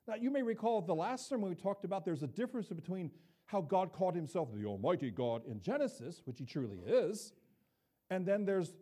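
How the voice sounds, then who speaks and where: A man's voice: high voice, dark tone. An older man preaching a sermon as pastor, talking conversationally and often checking in with the congregation with asides.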